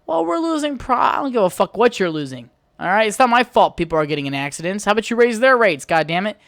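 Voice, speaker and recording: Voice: mid-range voice, lively intonation, quick pace, a bit bright, dry recording, studio quality. Profane, heated solo podcast rant. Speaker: podcast host.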